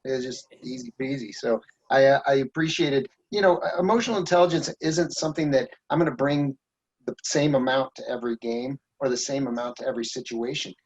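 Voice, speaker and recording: A man's voice: mid-range voice, a little fast, breathy edge. A man on a panel, talking in an enthusiastic, reflective way with some fillers over a video call. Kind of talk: casual panel discussion. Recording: dull lo-fi call audio.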